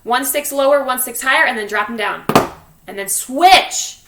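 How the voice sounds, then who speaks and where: A woman's voice: high-pitched, moderate pace, roomy sound, very noisy. A woman teaching a drum lesson to young students, counting aloud and encouraging them step by step. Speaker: music teacher. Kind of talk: online drum lesson for children. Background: drumstick clicks on a practice pad.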